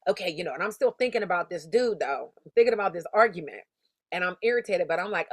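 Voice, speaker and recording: A woman's voice: mid-range voice, lively intonation, brisk, no echo. A woman sales coach giving a motivational lesson in an emphatic, conversational, slangy storytelling manner. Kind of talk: motivational teaching talk.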